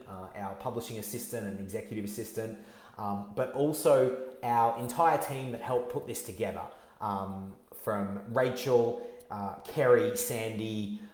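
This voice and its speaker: Man, thirties, live-stream book launch host, heartfelt and energetic, lots of ums and restarts, echoey room. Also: mid-range voice. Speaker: author hosting his book launch. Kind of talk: live-streamed casual talk. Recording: roomy echo.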